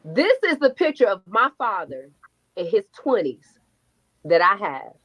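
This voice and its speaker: A young adult woman telling her own story in an interview, animated, acting out quotes and swearing freely. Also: medium pitch, measured pace, rough recording.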